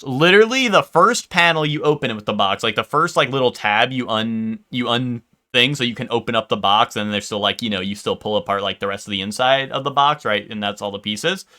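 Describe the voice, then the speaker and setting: A man's voice: mid-range voice, bright, forceful tone. A young man streaming live, telling stories in a loose, rambling way full of fillers and swearing, and talking straight to his chat.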